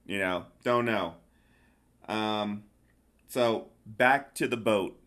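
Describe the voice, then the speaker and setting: A middle-aged man hosts a casual podcast and recaps a film in a lowish, slightly bright voice. He talks extremely slowly, pausing often, and rambles hesitantly with lots of restarts while acting out the characters' lines.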